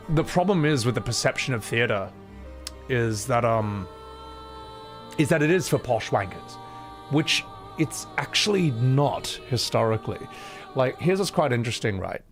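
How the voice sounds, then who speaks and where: A man chatting casually on a live stream, opinionated and loose, dropping in swears and asides. His mid-range voice carries a gravelly fry. Faint music plays underneath. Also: medium pitch, animated, measured pace, long pauses.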